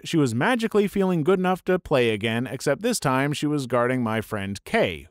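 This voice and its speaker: A man narrating online stories aloud in a steady, matter-of-fact read. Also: mid-range voice, no room sound, studio quality. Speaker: story narrator.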